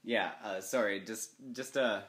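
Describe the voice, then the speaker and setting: A man's voice: on the low side, measured pace, a bit bright, reverberant, a little hiss or hum. A young man co-hosting a podcast in casual chat, dry and hesitant, with many fillers. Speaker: podcast co-host.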